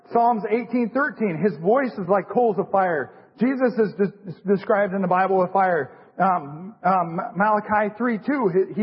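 This middle-aged man, a lay preacher, has a high voice with a breathy edge. He gives a casual, folksy church sermon that repeats itself and is full of fillers and restarts. The dull lo-fi recording was made in a big, echoing church sanctuary.

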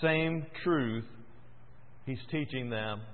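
A man preaching a sermon in a church, moving between loud, fervent emphasis and quiet, hushed stretches. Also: mid-range voice, a little slow. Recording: tinny echoey church recording.

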